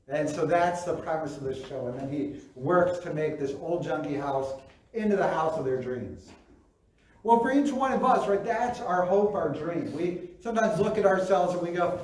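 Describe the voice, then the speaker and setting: Pastor, male, chatty preacher who acts out reactions; fairly high-pitched, recorded far off in a very reverberant hall. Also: moderate pace, a little mellow. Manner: conversational, acts out quoted reactions, frequent "right?". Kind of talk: sermon. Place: church sanctuary.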